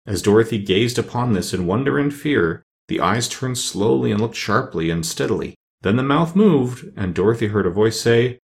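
Gravelly male storybook narrator. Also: mid-range voice, lively intonation, moderate pace, hardly any pauses. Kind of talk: storybook reading.

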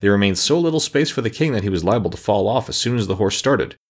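A man narrating a children's fantasy audiobook with lively, expressive storytelling. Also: lowish voice, quick pace, hardly any pauses, husky.

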